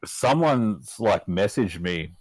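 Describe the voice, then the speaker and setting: A man's voice: lowish voice, animated, slow, darkish tone. An Australian man telling a story in casual podcast chat, laid-back and rambling, swearing constantly. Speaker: podcast guest.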